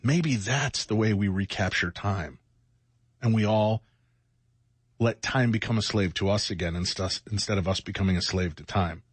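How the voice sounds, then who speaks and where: Husky, worn-out middle-aged radio host. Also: male voice, lowish voice, moderate pace, no echo. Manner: rambling, reflective, self-mocking. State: exhausted, sleepless. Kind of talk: candid late-night radio chat.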